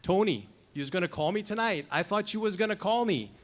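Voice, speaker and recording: A man in his fifties voicing his brash old high school best friend with a New York accent. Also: expressive, a little fast. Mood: teasing. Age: 50s.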